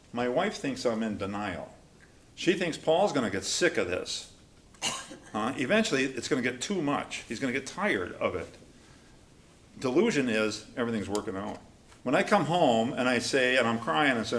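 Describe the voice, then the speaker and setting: A man's voice: mid-range voice, normal speed. A man leading a recovery study class, talking casually and animatedly, acting out quotes as he goes. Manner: conversational, animated, acts out quotes. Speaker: class leader.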